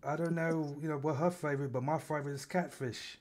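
A woman voicing a slow, rambling older lady who talks about her favorite foods, full of fillers and pauses. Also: sits low, fairly even intonation, darkish tone, voice pushed down, lightly acted. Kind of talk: comedic role-play in a group podcast.

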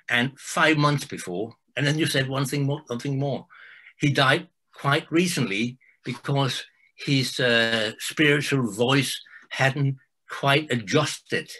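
An older man, speaking English as a guest. His voice is husky yet bright. He tells his story haltingly, restarting his sentences. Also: mid-range voice, rough recording. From Denmark. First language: Danish. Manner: halting, with restarts and soft laughs. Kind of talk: storytelling in conversation.

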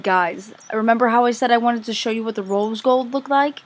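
Excitable husky-voiced woman gaming vlogger. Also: fairly high pitch, moderate pace. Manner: excitable, gushing, chatty. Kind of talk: casual game commentary.

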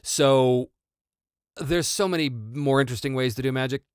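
At a medium pitch and moderate pace, a man's clear, resonant voice answers viewer questions for his tabletop RPG channel. The studio-quality recording is dry, and his casual, animated talk wanders with frequent fillers and restarts.

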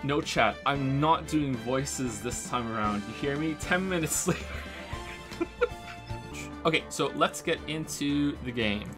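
A man streaming a game and commenting casually, rambling into excited asides and swearing freely. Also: medium pitch, unhurried, music in the background. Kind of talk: casual live gameplay commentary.

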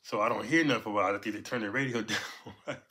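Man in his 50s, from Los Angeles, casual storytelling, animated and profane, bright forceful voice. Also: rapid-fire, slight background noise. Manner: animated, profane, punctuates with "boom".

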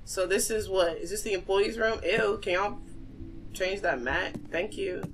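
A young woman hosting a horror game playthrough, chatting playfully with viewers and reacting loudly to scares. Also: mid-range voice, a little slow, slight background noise. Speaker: gaming channel host. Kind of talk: horror game let's play commentary.

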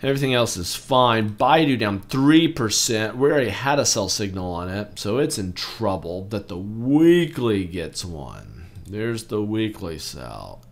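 A man in his forties hosting a trading channel, talking casually through stock charts and getting excitable over big moves. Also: lowish voice, a little slow, hardly any pauses. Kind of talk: casual chart walkthrough commentary.

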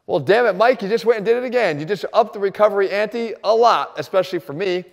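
A man explaining a workout as a fitness coach, talking emphatically and fast. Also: high voice, creaky, in a large hall. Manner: emphatic and rapid. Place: gym.

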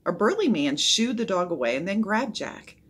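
A woman reading a children's chapter book aloud, expressive and voicing the characters. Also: mid-range voice, moderate pace, husky. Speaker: storybook reader.

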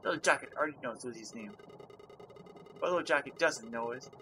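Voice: mid-range voice, fairly quick, noisy background, lightly acted. A person voicing a small non-human creature from a video game who calls itself by name and tells a grim tale in clipped, broken phrases. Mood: storytelling. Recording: gameplay with music underneath.

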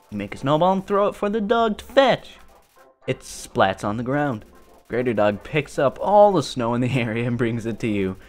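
A gamer rambling through let's play commentary in a goofy, self-amused way. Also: mid-range voice. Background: game music.

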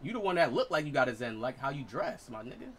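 A man in his late twenties giving excitable, profane live gameplay commentary as a streamer, trash-talking. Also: medium pitch, fast talker, slight background noise. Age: 20s. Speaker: gaming streamer.

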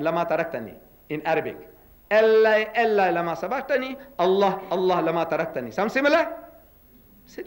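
A man's voice: sits high, low-quality recording. An older man giving a public religious lecture, emphatic and full of rhetorical questions. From South Africa.

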